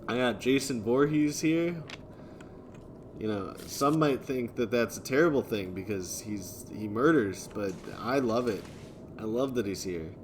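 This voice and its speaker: A man live-streaming, reading and answering viewer chat in a relaxed way, chuckling often. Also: medium pitch, measured pace, a little hiss or hum. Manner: laid-back, chuckling often, thanking viewers.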